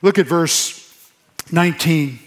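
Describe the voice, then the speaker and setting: A man preaching a sermon to his congregation in church, earnest, repeating phrases for emphasis and dropping to a soft hush. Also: on the high side, slow pace. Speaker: pastor.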